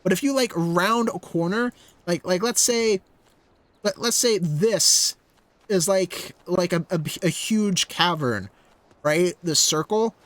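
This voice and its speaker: A man's voice: high voice, slow, fairly bright tone, no echo. A young man streaming a game, chatting casually in rambling, filler-heavy asides. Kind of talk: casual let's-play commentary.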